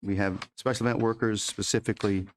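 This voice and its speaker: A man presenting agenda items at a school board meeting in an informal, halting way with many fillers and restarts. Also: on the low side, steady tone, a little hiss or hum.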